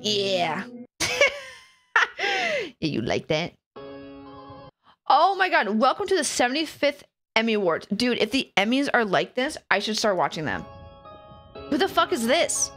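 A woman's voice: a little high, big pitch swings, normal speed, a bit bright, soft background music. A young adult woman streamer in casual live chat, laughing often and swearing freely as she reacts to videos.

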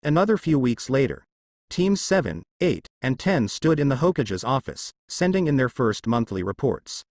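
Male storyteller for fan fiction reading, animated pitch, dry close sound. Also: normal speed, no echo. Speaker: narrator.

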